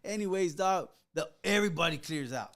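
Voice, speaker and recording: Podcast guest: man with a high voice, animated and profane storyteller, streetwise slang throughout. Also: fairly quick. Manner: animated, profane, streetwise, full of fillers like "you know what I'm saying". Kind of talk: casual storytelling.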